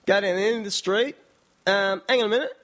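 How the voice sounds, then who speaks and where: Brief: man putting on a slangy Aussie tradie, shouty and high. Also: a little fast. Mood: brash. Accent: Australian. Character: loud brash male Aussie tradie local.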